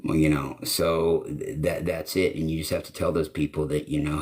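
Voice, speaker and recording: A man's voice: a bass voice, flat delivery, moderate pace, hardly any pauses, a little mellow. A man hosting his own channel, talking casually on a live stream, telling rambling, profane stories and acting out quoted lines. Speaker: channel host.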